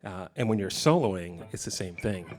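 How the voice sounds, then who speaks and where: A middle-aged man giving a casual guitar clinic in a guitar shop, talking in a relaxed, rambling way with many fillers. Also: sits low, normal speed. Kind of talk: casual teaching talk. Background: guitar playing.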